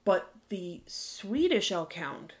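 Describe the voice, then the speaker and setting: A woman's voice: fairly low pitch, sing-song, takes it slowly, darkish tone. American woman explaining dog breeds. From United States. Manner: explaining knowledgeably, with restarts. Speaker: podcast co-host. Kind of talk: casual chat.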